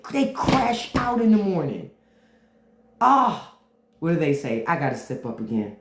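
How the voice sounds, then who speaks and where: A woman's voice: fairly low pitch, very animated, normal speed, echoey room, a little hiss or hum. A woman hosting a casual livestream, talking bluntly and profanely and answering viewer comments. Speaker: livestream host.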